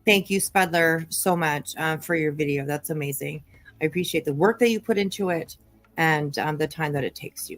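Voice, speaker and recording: A woman with a deep voice hosts a casual live-stream commentary at normal speed, chatty and sarcastic, thanking viewers by name. The recording is a dry close mic with no echo and faint music.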